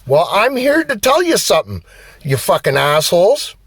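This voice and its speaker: A man's voice: high voice, normal speed, breathy edge, no echo. A man giving a blunt, profane motivational rant as a vlogger. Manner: blunt, heavy swearing, animated. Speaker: vlogger and driver.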